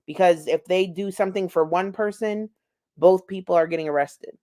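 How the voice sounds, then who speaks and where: A woman's voice: on the low side, moderate pace, mellow. A woman giving casual, profane, gossipy commentary over video clips. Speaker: commentary YouTuber.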